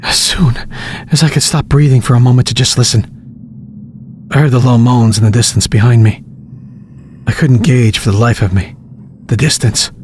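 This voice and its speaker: A man narrating a scripted horror story of his own in the first person, tense and hushed, building urgency. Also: mid-range voice, fairly even intonation, moderate pace, long pauses, a little hiss or hum. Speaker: narrator and author.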